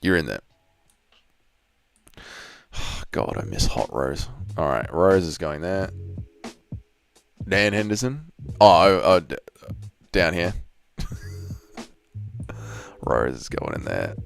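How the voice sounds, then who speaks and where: A man's voice: low voice, sing-song, slow, creaky, pauses often, soft background music. A man from Australia with an Australian accent, hosting a casual livestream, chatting crudely and reading out his chat with lots of swearing. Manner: crude, profane banter, reads out chat. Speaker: streamer.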